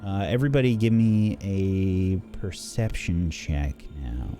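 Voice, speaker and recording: A male game master describes the scene in halting, measured narration. His voice is fairly low and he takes his time. Clear music plays behind him. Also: lively intonation.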